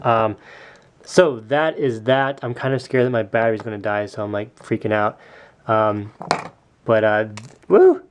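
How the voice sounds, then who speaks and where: A man's voice: fairly low pitch, little pitch movement, normal speed, a little hiss or hum. A young man walking through his custom toy figure in a casual show-and-tell vlog, chatty, with many ums and small self-corrections.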